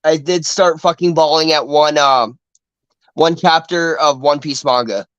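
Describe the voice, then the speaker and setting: A man's voice: a little high, a little slow, fairly bright tone, no room sound. A man co-hosting a casual chat, blunt and casually swearing. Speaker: co-host. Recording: dull dry lo-fi sound.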